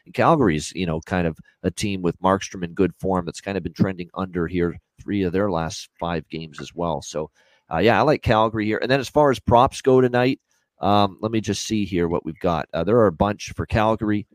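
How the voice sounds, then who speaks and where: A man with a low voice hosts a sports betting show, chatting quickly and casually through betting analysis with lots of fillers. The recording has no room sound.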